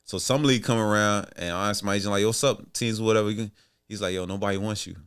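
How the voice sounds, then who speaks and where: A man telling a long career story on a podcast. His voice is smooth and resonant. He talks in a laid-back, slangy way and slips into the voices of the people he quotes. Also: on the low side, quick pace, fairly bright tone. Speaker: podcast guest, former basketball player. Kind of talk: casual storytelling interview.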